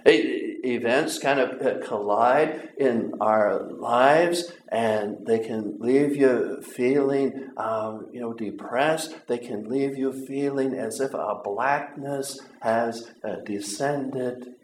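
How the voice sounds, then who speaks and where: Slow, earnest preacher in an echoey room. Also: male voice, medium pitch. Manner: earnest, halting, with repeated words and long pauses. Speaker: pastor. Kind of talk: sermon. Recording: roomy echo.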